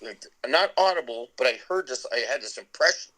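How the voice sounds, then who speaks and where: Middle-aged guy rambling through a story on a podcast, lots of restarts, average pitch. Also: lively intonation, brisk, pushed and bright, poor audio. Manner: rambling with many restarts and laughs. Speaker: podcast guest, musician. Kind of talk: casual storytelling.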